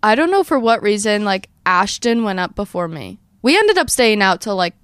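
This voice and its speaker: Animated young woman telling a story. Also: medium pitch, clear, resonant tone, no echo. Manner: fast, animated storyteller who acts out quotes. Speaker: podcast host. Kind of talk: casual storytelling chat.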